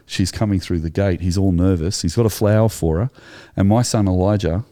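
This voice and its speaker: A man's voice: low-pitched, fairly even intonation, brisk, mellow. A middle-aged Australian man, a tired pastor telling a story on a podcast in an earnest, emotional way.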